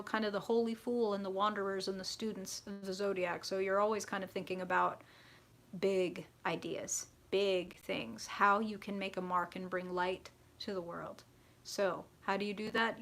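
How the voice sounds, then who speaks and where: A woman's voice: medium pitch, fairly even intonation, normal speed, a bit bright. A young adult woman hosting a live tarot reading, chatty and frank, swearing freely and answering viewer comments.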